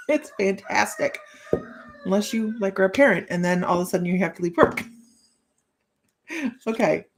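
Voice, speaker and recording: A woman's voice: mid-range voice, expressive, normal speed, pauses often, slight background noise. A woman hosting a casual live psychic-reading stream, chatty and playful, laughing often as she reads out cheeky card lines. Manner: giggly, chatty, laughs often between remarks.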